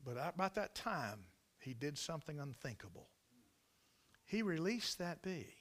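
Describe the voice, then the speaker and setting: Male preacher, dramatic storyteller, bright ringing voice, slightly high. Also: sing-song, a little slow. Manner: dramatic storytelling with big swings from loud to hushed. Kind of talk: sermon.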